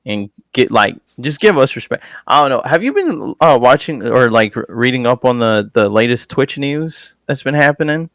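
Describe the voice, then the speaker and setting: A man's voice: mid-range voice, expressive, moderate pace, few pauses, fairly bright tone, no echo. Rambling man in casual chat. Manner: rambling, lots of fillers and swearing. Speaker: podcast guest, streamer.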